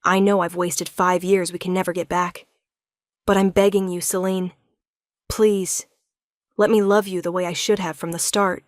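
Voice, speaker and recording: Woman reading a sorry werewolf king, begging, earnest, pretty flat delivery, dry sound. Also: lowish voice, moderate pace, no echo, lightly acted. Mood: pleading. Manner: earnest, pleading. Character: remorseful young male werewolf king, pleading.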